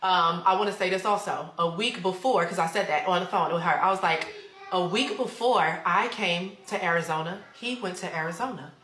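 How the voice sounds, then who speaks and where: A woman's voice: lowish voice, brisk, fairly bright tone, echoey room, slight background noise. A young woman telling a rambling personal story in a casual storytime chat at home, full of fillers. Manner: rambling, chatty, with many fillers. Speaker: vlogger.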